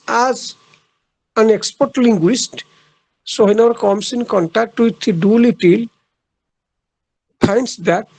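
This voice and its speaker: A man giving a literature lecture, speaking haltingly, pausing often on "uh" and repeating his key phrases for emphasis. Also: sits high, vocal fry, a little mellow, low-quality recording. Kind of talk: classroom lecture.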